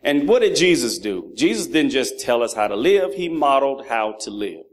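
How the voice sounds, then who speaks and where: A man's voice: medium pitch, moderate pace. A man in his thirties preaching a sermon, mixing funny stories about his sons with lessons on fatherhood. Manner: animated, acts out voices of his children. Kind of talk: sermon with humorous family stories.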